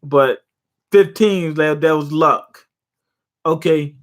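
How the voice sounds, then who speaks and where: This manga reaction streamer, a young man, goes through a comic chapter live in a loose, profane, jokey way, laughing as he retells scenes. His voice sits a little high, and he takes his time speaking.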